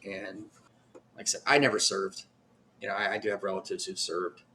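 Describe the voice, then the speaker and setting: A man co-hosting a casual podcast, talking haltingly with lots of stops and restarts. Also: low-pitched, fairly even intonation, sharp tone, a little hiss or hum. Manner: halting, many fillers and restarts. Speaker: podcast co-host.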